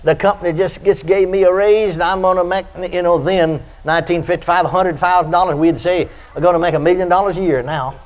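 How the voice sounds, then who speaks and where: Older preacher, folksy storytelling. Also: male voice, fairly even intonation, brisk, hardly any pauses. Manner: storytelling, bursts into high shouted praise. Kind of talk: folksy radio sermon. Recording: dull lo-fi archive radio recording.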